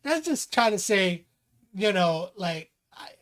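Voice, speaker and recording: Speaking slowly in a high voice, a man co-hosting a podcast keeps things casual. He spins lively stories, voices the quotes himself, and laughs a lot along the way.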